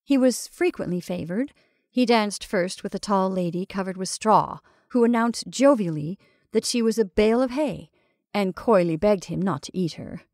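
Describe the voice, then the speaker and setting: A woman narrating a classic short story in a measured, calm way. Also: medium pitch, no room sound, studio quality. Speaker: story reader.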